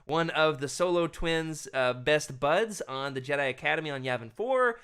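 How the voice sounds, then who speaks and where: Male co-host, high-ish, forceful tone, upbeat fan-chat energy. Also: lively intonation, normal speed, smooth. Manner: enthusiastic, reads live chat comments. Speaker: podcast co-host. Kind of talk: casual podcast chat.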